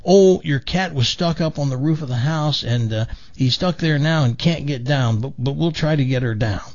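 A man's voice: a little high, normal speed, darkish tone, muffled recording, natural voice. A man telling a joke voices an upset woman who lectures her brother for giving bad news too bluntly. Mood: indignant. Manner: indignant, lecturing.

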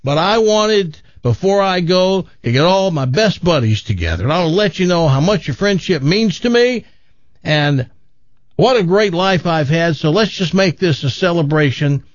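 A man's voice: sits high, expressive, moderate pace, no room sound, pitched above the performer's own voice. A man voicing a jovial, joking middle-aged father who toasts a crowd of friends. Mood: boisterous. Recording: slightly dull radio audio.

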